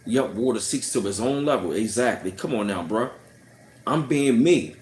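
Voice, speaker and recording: This channel host is a man with a mid-range, expressive, slightly mellow voice and a moderate pace. He tells a personal story as a casual, heated rant, scornful and packed with "you know what I'm saying." The recording has a roomy echo.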